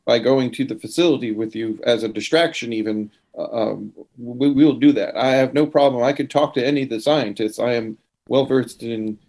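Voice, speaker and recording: A man's voice: mid-range voice, darkish tone. Man stammering through a role-play plan. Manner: halting, stammering restarts. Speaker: player. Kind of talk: tabletop role-play, in and out of character.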